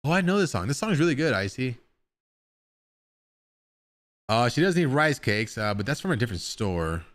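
A man's voice: mid-range voice, very animated, fast talker. A man streaming live, chatting casually with his viewers in a rambling way and swearing now and then.

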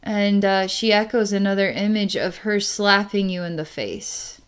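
Woman, psychic reader, narrating a session, rambling, fillers and restarts, smooth resonant voice. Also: medium pitch, a little slow. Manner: breaks into light laughs.

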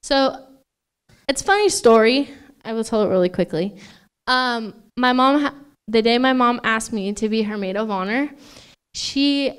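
A woman's voice: on the high side, clean tone. A young woman giving a maid of honor toast at a wedding reception, chatty and emotional, laughing often between fillers.

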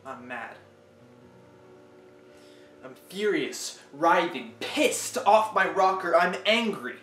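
A man performs spoken word poetry intensely, swinging between loud outbursts and quiet, low lines. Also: animated, slow pace. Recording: echoey room.

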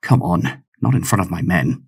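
A man voicing a cocky, boastful young pirate captain in an audiobook, his voice jumping high when excited. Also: moderate pace, breathy edge. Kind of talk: audiobook character voice.

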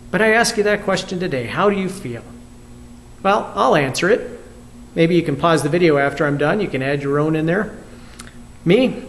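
High-voiced pastor, candid and reflective. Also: male voice, vocal fry, slight background noise. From United States. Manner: candid, reflective, asks listeners questions. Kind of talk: video sermon. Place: church.

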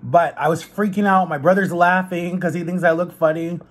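Husky young guy, bit high voice, chatting to camera while he eats, animated storytelling. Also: moderate pace. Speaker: vlogger. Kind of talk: casual storytelling while eating.

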